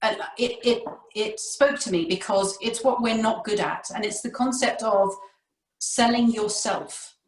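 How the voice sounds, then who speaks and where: A woman's voice: on the high side, a little slow. A woman with a British RP accent, an audiobook narrator speaking in a reflective, wry way as a guest on a casual panel chat over a video call. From Britain. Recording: roomy, distant mic.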